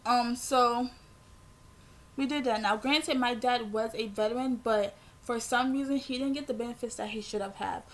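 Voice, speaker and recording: A young woman, telling a rambling, animated storytime vlog with lots of filler words. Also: on the high side, normal speed. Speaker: vlogger.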